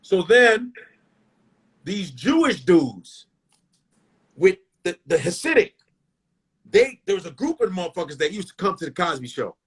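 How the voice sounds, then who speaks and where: A husky middle-aged man spinning profane stories in loose, animated bursts. He sits a little high in pitch for a man and keeps cutting himself off and restarting. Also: unhurried, pauses often. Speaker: stand-up comedian, guest. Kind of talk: casual storytelling.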